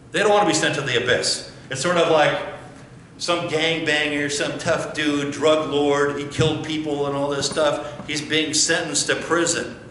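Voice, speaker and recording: Hammering phrases through repetition and firing rhetorical questions, a male pastor delivers a sermon in a bright, cutting, slightly high voice. It rings around a very echoey church sanctuary, with faint noise underneath.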